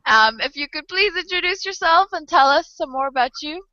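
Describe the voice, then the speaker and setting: A woman host with a high, bright, sharp voice, leading the interview in an upbeat, chatty manner. The sound is dry and slightly dull, like a lo-fi call. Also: lively intonation, brisk, no echo. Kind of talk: interview hosting.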